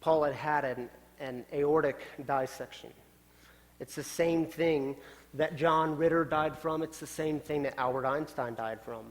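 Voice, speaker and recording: A male pastor telling a story in a sermon, swinging from loud, urgent lines down to quiet, hushed ones. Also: on the high side, measured pace. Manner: dramatic shifts from loud to hushed. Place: church sanctuary. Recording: long church hall reverb.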